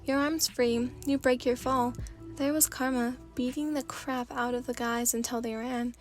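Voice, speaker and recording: A woman's voice: high-pitched, steady tone, moderate pace, faint music behind. A woman narrating a second-person fanfiction story in an ASMR reading style.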